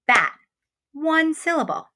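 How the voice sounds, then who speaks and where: A woman teaching a remote phonics lesson to young children. She is encouraging, speaks straight to her students and stretches out example words slowly. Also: high-pitched, very animated, bright, forceful tone, slight background noise. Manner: slow, exaggerated enunciation of example words. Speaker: first grade teacher.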